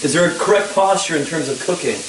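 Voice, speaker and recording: A man's voice: a little high, lively intonation, fast, background noise. A man co-hosting a home cooking show, playful and punning, tossing in jokes and little rhymes. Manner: playful, punning, sings snatches. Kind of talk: joking banter. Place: home kitchen. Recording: roomy kitchen, mic at a distance.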